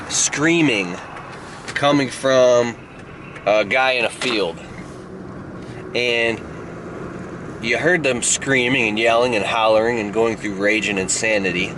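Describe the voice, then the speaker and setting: A man giving an improvised motivational story in an animated, emphatic way. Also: takes it slowly, pauses often, noisy background. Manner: animated, emphatic, jumps up in pitch for effect. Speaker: motivational speaker.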